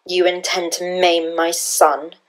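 A woman reading an audiobook, voicing a cold, imperious caged father who speaks slowly and with scorn. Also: fairly low pitch, level tone, rough recording. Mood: scornful.

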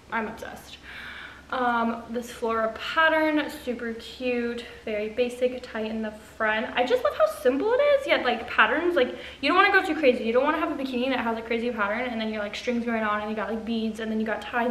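A woman's voice: fairly high pitch, a bit bright. Gushing bubbly young woman in an echoey room. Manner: gushing, bubbly, filler-heavy. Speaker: influencer vlogger. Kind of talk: casual haul vlog. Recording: echoey room with faint ambient noise.

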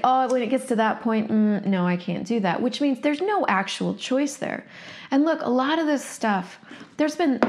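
A woman's voice: fairly high pitch, creaky, darkish tone. A woman speaking as a facilitator in a blunt, emphatic motivational monologue, swearing freely and reading passages aloud from a workbook. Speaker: coaching facilitator.

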